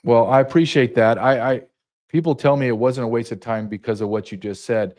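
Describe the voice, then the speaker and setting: A man's voice: medium pitch, steady tone, fairly quick, darkish tone. A middle-aged man, a retired border patrol agent, telling a story as a podcast guest, indignant and emphatic. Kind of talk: heated podcast interview.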